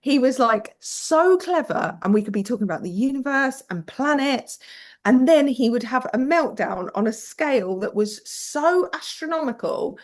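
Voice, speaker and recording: A British woman guest telling parenting stories frankly, swearing casually and acting out quoted voices. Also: on the high side. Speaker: podcast guest. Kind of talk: candid conversational storytelling.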